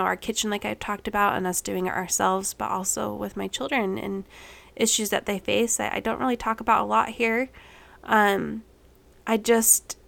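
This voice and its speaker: Woman, 30s, podcast host, late pregnancy, candid rambling monologue, gravelly fry. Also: mid-range voice, fairly bright tone. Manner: candid, rambling, many ums, getting emotional.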